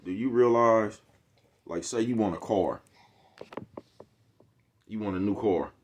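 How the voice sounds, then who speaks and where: A man's voice: fairly low pitch, slow, a little mellow. A man hosting his own video channel, talking to his viewers in a loose, rambling monologue full of slang and swearing, chuckling often and coming back again and again to the same catchphrase. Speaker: YouTube host.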